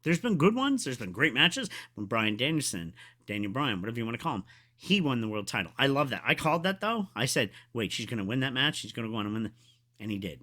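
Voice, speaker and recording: A man reviewing a wrestling event in a casual, excitable, rambling way, with many fillers, sometimes going soft and quiet. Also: medium pitch. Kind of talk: casual solo video review.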